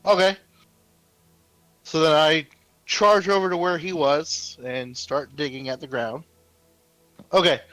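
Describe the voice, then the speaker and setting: A man playing a tabletop role-playing game, stammering through restarts and slipping into his character's gruff anger. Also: on the high side, steady tone, slow, pauses often, a bit bright, no room sound, faint music behind, poor audio. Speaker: player.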